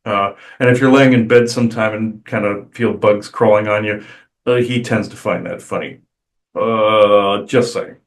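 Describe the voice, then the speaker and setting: A man channeling on a spiritual podcast, talking casually and haltingly with many "uh" fillers and restarts. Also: on the low side, steady tone. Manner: hesitant, many "uh" fillers, rambling.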